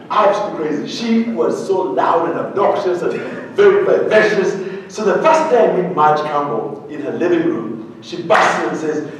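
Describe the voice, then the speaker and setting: A man from Uganda telling a humorous, animated story to an audience, often asking them questions. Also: sits high, unhurried, background noise. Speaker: speaker. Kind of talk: storytelling keynote talk. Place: large hall with an audience. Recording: very echoey hall, heard from a distance.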